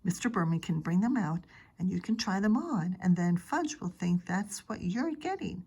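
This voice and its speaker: A woman reading a storybook aloud, voicing a fussy, worrying mother who often talks in a hush. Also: lowish voice, animated, moderate pace, slightly rough, low-quality recording. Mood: scheming. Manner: fretting, often hushed.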